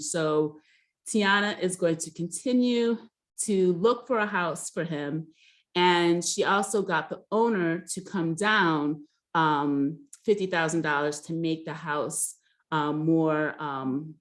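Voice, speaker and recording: A young woman casually recapping a reality show episode, chatty and hesitant, with frequent ums and restarts. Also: on the low side. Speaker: recap host.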